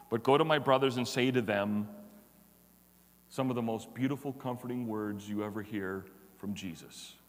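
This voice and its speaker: Male pastor, slightly higher voice, sermon delivery that swings from hushed to emphatic, echoing church hall. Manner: swings from hushed tender lines to loud emphatic declarations.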